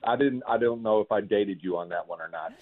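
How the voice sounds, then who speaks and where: A man calling a radio show on speakerphone, friendly and earnest, speaking in halting phrases. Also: lowish voice. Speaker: radio caller. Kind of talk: casual phone chat. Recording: tinny speakerphone line.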